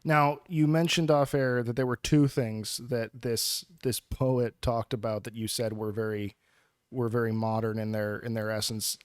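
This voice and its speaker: A man co-hosting a podcast, asking curious questions and reacting quickly in casual chat. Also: medium pitch, smooth, no room sound, studio quality. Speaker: podcast co-host.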